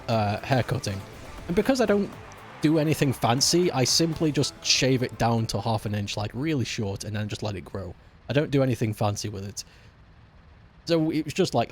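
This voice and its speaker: A man ranting casually and with exasperation while he plays a racing game on stream, swearing often. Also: medium pitch. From United Kingdom.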